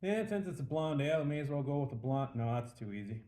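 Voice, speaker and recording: Mellow-voiced man telling a joke. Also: on the high side, fast. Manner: relaxed, rambling with fillers. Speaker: host of a beer and joke show. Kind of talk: casual beer review and joke telling. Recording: echoey room.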